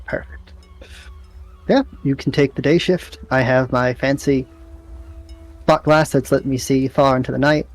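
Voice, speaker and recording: A man narrating as game master in a relaxed way, with lots of ums and uhs. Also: medium pitch, measured pace, pauses often, faint music behind. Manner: relaxed, with many fillers.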